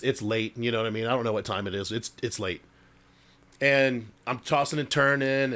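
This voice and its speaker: Telling a ghost story on the podcast he co-hosts, this man keeps it casual, swears a lot, and keeps saying "dude." His voice has a medium pitch and a fairly bright tone.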